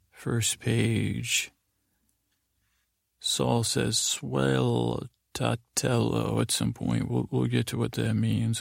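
A man's voice: mid-range voice, no echo, studio quality. A man hosting a podcast, recapping a TV episode in a rambling, plain way with many fillers, quoting each character in his own voice. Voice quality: gravelly. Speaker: podcast host. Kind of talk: sleepy, meandering episode recap.

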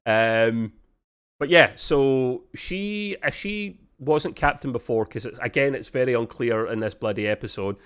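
A man's voice: expressive, measured pace, a bit bright, clean tone. Rambling male podcast co-host. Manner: rambling, lots of ums, acts out quotes in high voices. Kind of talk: casual review chat.

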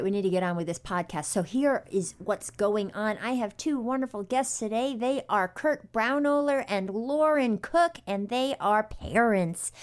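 A woman's voice: mid-range voice, darkish tone. A woman hosts her podcast in loose, candid chat. She talks openly, swears freely and laughs often as she goes. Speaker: podcast host. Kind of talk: casual chat. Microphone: desk mic.

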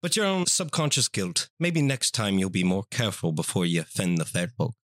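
Man doing a mocking little leprechaun: husky, lively put-on brogue, close dry mic. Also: sits low, a little fast, no room sound. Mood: teasing. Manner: put-on old-fashioned Irish brogue. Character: mischievous male leprechaun, sly and mocking.

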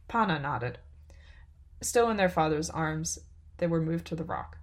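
A woman narrating a story in a calm, unhurried, even way. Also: lowish voice. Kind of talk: scripted narration.

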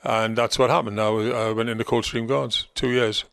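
A man's voice: mid-range voice, little pitch movement, normal speed, gravelly, a bit bright, clear, resonant tone, no room sound. An older man from England, telling stories in a chatty, teasing way as an interview guest. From Gateshead, North East England. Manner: chatty storyteller, teasing, quotes others in their own voice. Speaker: interview guest, former football manager. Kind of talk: reminiscing interview talk.

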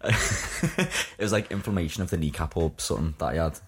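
A man's voice: deep voice, a little fast, breathy edge. A young man from England chatting casually, recounting school memories with frequent fillers and laughs. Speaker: guest telling school stories. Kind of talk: casual chat.

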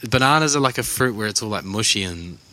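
A man's voice: lowish voice, expressive, quick pace, sharp tone. A young man, co-hosting a casual podcast chat in a laid-back, slangy way. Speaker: podcast co-host.

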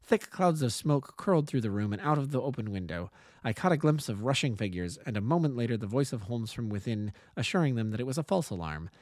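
A man's voice: medium pitch, expressive, fast talker, a little mellow, no room sound, studio quality. A man, an amateur narrator, reading a classic detective story aloud and now and then correcting small slips.

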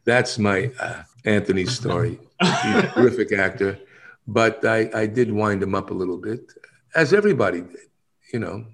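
A man, an actor, telling stories in a casual interview, animated, often laughing and acting out other people's lines. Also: fairly low pitch, moderate pace, vocal fry.

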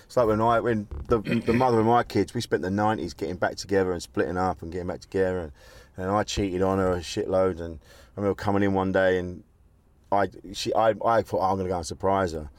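Middle-aged host with a very deep voice, blunt and sweary, frank storyteller. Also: male voice, steady tone, quick pace, no room sound. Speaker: podcast host. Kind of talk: candid conversation. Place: car park.

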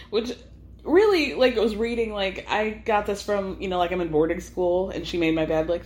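A woman's voice: medium pitch, moderate pace, a little mellow. Woman gabbing through a show recap, lots of likes, roomy echo. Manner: chatty, filler-heavy, laughing often. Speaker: podcast host. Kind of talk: casual recap chat.

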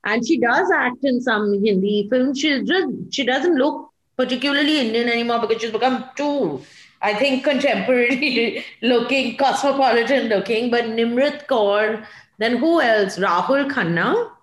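A woman's voice: fairly high pitch, normal speed, reverberant, rough recording. A woman co-hosting a podcast in casual chat, with playful, teasing banter. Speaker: podcast co-host.

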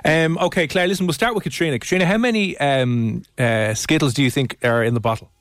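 A man's voice: fairly high pitch, quick pace, no echo, clean studio sound. A man hosting a radio show, teasing and joking with callers. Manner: teasing, jokey. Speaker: radio host. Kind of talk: casual radio chat with callers.

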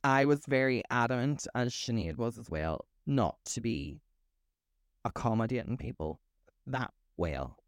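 A man's voice: mid-range voice, lively intonation, unhurried, no room sound, clean studio sound. A man co-hosting a podcast, talking animatedly and swearing freely between laughs. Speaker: podcast co-host. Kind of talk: casual chat.

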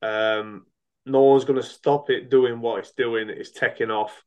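A man's voice: mid-range voice, steady tone, a little slow, a little mellow. A middle-aged man, a boxer and coach, talking casually in an interview. He speaks frankly, rambling with many restarts and fillers.

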